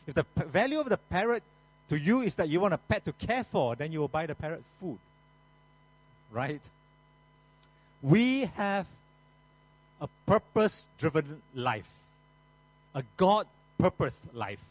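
A man's voice: on the high side, very animated, unhurried, long pauses, poor audio. A male pastor preaching a sermon in a slightly raised voice that swings widely up and down. He keeps a folksy tone and turns often to the congregation with joking asides.

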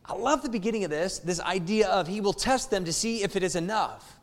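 A man's voice: high-pitched, animated, a little fast, hardly any pauses, long reverb tail. A man preaching a sermon as pastor, repeating phrases and asking the congregation rhetorical questions. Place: church.

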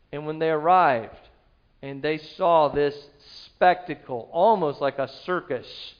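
Man, pastor, high voice, animated sermon storytelling, dull lo-fi recording. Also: smooth. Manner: animated, acts out quoted voices.

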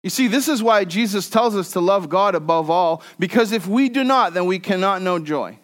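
A pastor preaching a conversational sermon, mixing scripture with joking personal stories and swinging between loud and soft. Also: male voice, high-pitched, animated, normal speed.

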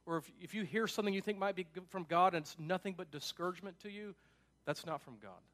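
A man's voice: high-pitched, fast talker, fairly bright tone. A man preaching a conversational sermon to his congregation, emphatic and casual, with frequent asides. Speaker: pastor.

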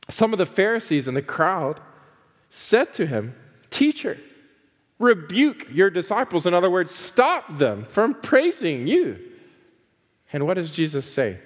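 A male pastor preaching a sermon, casual asides with "uh" fillers that build to fervent, drawn-out emphasis. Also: a little high, sing-song, in a large hall. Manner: conversational asides with frequent "uh" fillers.

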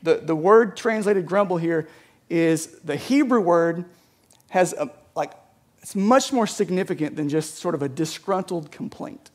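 High-voiced man giving a casual sermon. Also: unhurried. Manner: conversational, repeats words, often asks "right?". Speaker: pastor.

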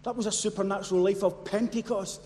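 A man preaching a sermon. He moves from quiet storytelling to loud, impassioned shouting. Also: high-pitched, fairly even intonation, fast talker. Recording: long hall reverb, faint noise.

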